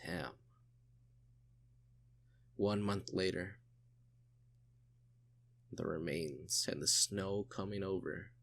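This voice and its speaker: A man's voice: low-pitched, extremely slow, creaky, long pauses. A young man reading a comic aloud and reacting to it in a casual way, sighing and swearing often. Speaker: manga reaction channel host.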